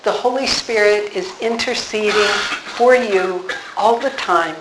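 An older woman, a religious sister, teaching on scripture in an earnest, unhurried way, reading verses slowly and dwelling on key words. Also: medium pitch, echoey room, noisy background. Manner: reads scripture slowly, then speaks with earnest conviction.

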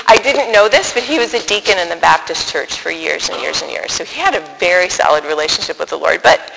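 A middle-aged woman telling a personal faith story in an animated way, acting out the dialogue and laughing often. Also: low voice, vocal fry, a little hiss or hum. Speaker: speaker sharing a faith testimony. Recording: echoey hall with long reverb.

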